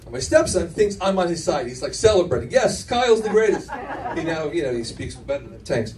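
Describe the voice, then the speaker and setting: A man's voice: a little high, expressive, quick pace, darkish tone, distant mic. Brash, profane man doing stand-up. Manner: brash, profane storytelling with self-mocking asides. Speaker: stand-up comedian. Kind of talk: stand-up comedy routine. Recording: faint room noise, mic from afar.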